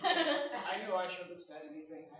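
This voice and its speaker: A man's voice: high-pitched, sing-song, moderate pace, fairly bright tone. A man doing improv as a tall, bearded French king, pompous and aloof, lonely and haughty. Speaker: improv comedian. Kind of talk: live improv scene. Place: small improv theater stage. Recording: roomy live theater, mic from far off. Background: audience laughter.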